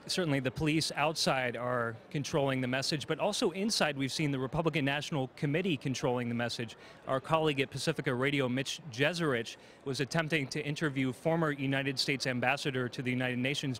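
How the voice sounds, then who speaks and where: A man interviewing a guest for television, speaking in a measured newsreader manner. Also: medium pitch, a bit bright. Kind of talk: broadcast interview questions. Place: outdoors at a convention.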